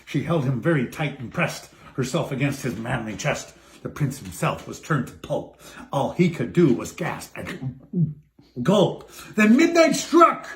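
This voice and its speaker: A man reading a poem story aloud in a playful, animated way, breaking off for excited asides. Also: mid-range voice, measured pace, roomy sound, a little hiss or hum.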